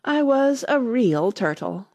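A woman's voice: mid-range voice, expressive, normal speed, no echo. A woman voicing a self-pitying, sighing male sea creature in a storybook reading, with a mournful delivery.

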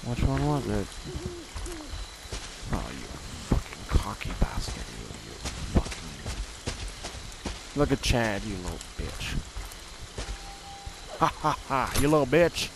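A man's voice: lowish voice, sing-song, slow pace, gravelly, pauses often, very noisy. A man casually commenting on his gameplay, muttering profane trash talk at other players. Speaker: gamer playing online.

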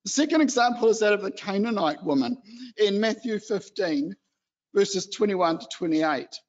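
High-voiced man preaching chattily. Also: normal speed, lo-fi sound. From New Zealand. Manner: chatty and animated, acts out excited children. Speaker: lay preacher. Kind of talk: church exhortation. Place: church hall.

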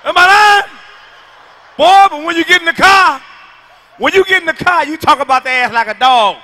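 A man doing a stand-up comedy routine, loud and emphatic, hammering his punchlines over and over with a delivery. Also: very high-pitched, normal speed.

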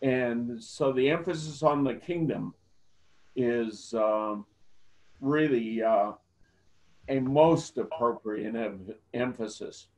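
A man speaks very slowly on a video call, in a measured and halting way, with pauses between phrases. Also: mid-range voice, a little mellow, rough recording. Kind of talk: sharing in a video-call forum.

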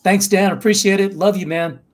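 A man's voice: high-pitched, steady tone, moderate pace. A man hosting a live stream, earnestly urging viewers to subscribe and share. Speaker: channel host.

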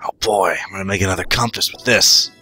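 A man's voice: low voice, fairly even intonation, quick pace, bright, forceful tone, breathy edge, faint music behind. A man chatting casually during game commentary, easily amused and laughing often. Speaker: let's play co-commentator.

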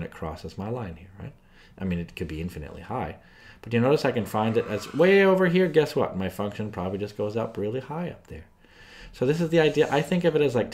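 Over a screen recording, a male math tutor teaches a lesson in a mid-range, slightly mellow voice. He's chatty and thinks aloud as he draws graphs, frequently asking the viewer questions.

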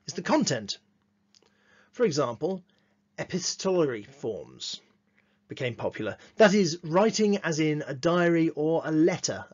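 A man giving a lesson on literature, reading quotations slowly and adding dry, wry asides. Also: on the high side, darkish tone. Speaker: teacher. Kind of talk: lesson with read-aloud quotations. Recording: dull lo-fi recording.

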